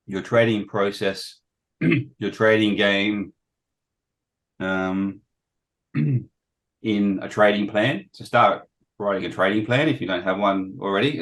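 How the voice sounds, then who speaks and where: A man with a hoarse, failing voice giving a casual presentation on a video call, often clearing his throat. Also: lowish voice, low-quality recording. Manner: frequent throat-clearing, self-deprecating. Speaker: guest trader sharing experience.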